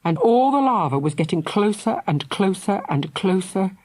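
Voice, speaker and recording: Expressive woman reading a story. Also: mid-range voice, normal speed. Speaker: audiobook narrator. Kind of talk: scripted narration.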